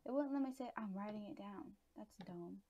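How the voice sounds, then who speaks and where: A woman's voice: medium pitch, fairly quick, dull audio, a little hiss or hum. A young woman casually talking through her own gameplay, giggling often and exclaiming to herself as she plays. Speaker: gaming channel host.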